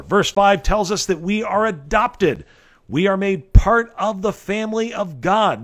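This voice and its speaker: High-voiced man preaching earnestly. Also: a bit bright. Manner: earnest and emphatic, with folksy asides. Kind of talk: expository sermon.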